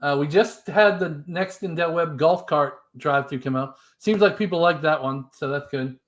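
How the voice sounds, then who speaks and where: A man's voice: on the high side, moderate pace. A man co-hosting a live stream, casually reading viewer comments and chatting about upcoming videos. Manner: easygoing, reads comments aloud.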